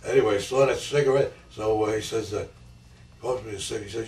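Speaking quickly in a lowish, darkish voice with a steady tone, an 80-year-old grandfather rambles through his life story for his grandchildren, returning again and again to key phrases. It's a casual interview at the family home, captured on echoey camcorder audio with a distant mic and faint hiss.

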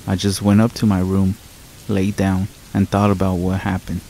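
A man calmly narrating a scripted horror story in a measured storytelling manner, with rain sounds behind him. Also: low voice, a little hiss or hum, rough recording.

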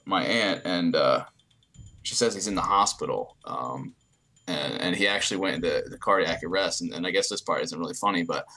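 A man's voice: low-pitched, normal speed. A young man answering interview questions casually, telling stories with many fillers and restarts. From New Jersey, US. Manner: relaxed storytelling, frequent fillers and restarts. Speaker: interview guest, YouTube creator.

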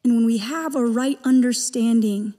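A woman preaching a sermon in a measured, reflective manner. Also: a little high, mellow. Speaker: pastor. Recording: long church reverb.

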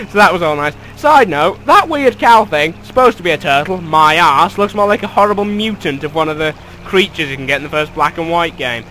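A man's voice: on the high side, animated, brisk, bright, forceful tone, slight background noise, poor audio. A young man commentating a video game from his bedroom, sarcastic and sweary. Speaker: gamer. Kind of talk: let's play commentary. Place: bedroom at home.

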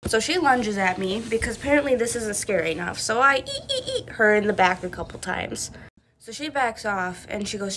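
A woman's voice: a little high, sing-song, moderate pace, fairly bright tone, a little hiss or hum. A young woman telling a personal story in a blunt, matter-of-fact way, as a casual storytime to camera.

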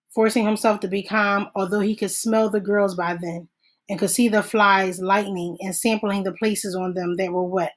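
Woman narrator, measured steady audiobook reading. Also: mid-range voice, rough recording. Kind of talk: audiobook read-aloud.

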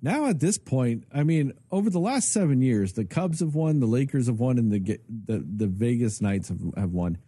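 Guy ranting on a podcast, swears a ton, voice jumps all over, kinda dark and husky, dry sound. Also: mid-range voice, normal speed, few pauses, no room sound. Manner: profane, ranting, animated. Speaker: podcast co-host. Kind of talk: casual chat.

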